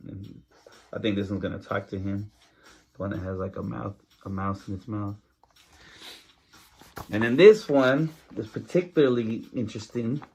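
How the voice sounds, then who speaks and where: A man with a somewhat low voice hosts his own podcast in an easygoing, rambling way. He is jittery from coffee, and his talk is full of ums, restarts and loose tangents. A faint hiss sits under the recording. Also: moderate pace, gravelly, pauses often, darkish tone. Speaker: podcast host. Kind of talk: casual solo podcast chat.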